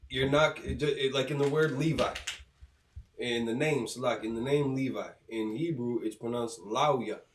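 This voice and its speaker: A man giving a halting, casual explanation in a class, with many restarts and fillers. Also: mid-range voice. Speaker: student teaching in a class. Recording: roomy, from a distance.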